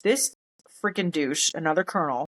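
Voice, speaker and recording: A woman speaks in a somewhat low voice, recounting events in a loose, conversational way. She is blunt and animated, swears casually, and slips into quick impressions of the people she is describing. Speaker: podcast guest, military veteran. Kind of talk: casual storytelling.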